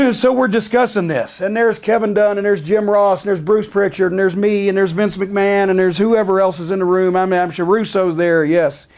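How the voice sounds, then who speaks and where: A man's voice: high voice, fairly even intonation, normal speed, few pauses, darkish tone. A middle-aged man telling a heated, profanity-laden backstage story as an interview guest, sardonic and blunt.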